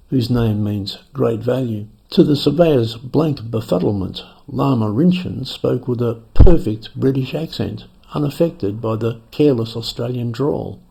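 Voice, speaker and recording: A male storyteller with a heavily gravelly, husky voice, reading a short story with wry, dry humour. His tone is dark and mellow, and he reads at an even, unhurried pace. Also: medium pitch. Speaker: narrator. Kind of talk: scripted storytelling.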